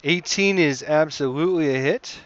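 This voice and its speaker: A man running an online tabletop game as game master, calmly narrating combat and ruling on moves. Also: fairly high pitch, normal speed, no room sound, dull audio.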